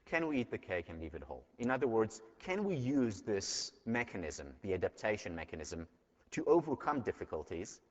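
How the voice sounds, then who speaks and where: A man's voice: lowish voice, sing-song, fairly quick. A man giving a university lecture and telling stories in an earnest way, heard in a dull recording from a large lecture hall. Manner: earnest, storytelling.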